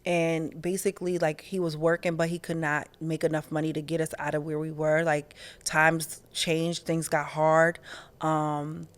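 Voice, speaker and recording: A woman hosting a podcast, talking in a candid, animated way, with slang and profanity, in a casual spiritual monologue. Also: low-pitched, a little slow. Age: adult, past her teens. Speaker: podcast host.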